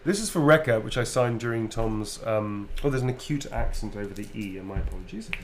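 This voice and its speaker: A man's voice: lowish voice, brisk, a little hiss or hum. A man signing autographs on a livestream, chatting in a playful, easygoing way and laughing easily. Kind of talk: casual live chat.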